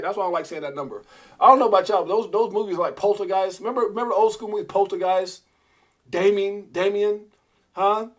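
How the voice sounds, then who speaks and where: A man hosting a live crypto stream in casual chat, joking, excitable and talking straight to his viewers. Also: high voice. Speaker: crypto livestream host.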